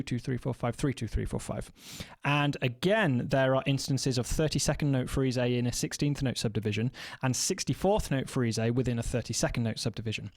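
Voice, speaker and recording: A man teaching percussion, explaining rhythms in a measured, methodical way and counting beats aloud. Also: medium pitch, dry recording. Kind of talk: instructional explanation.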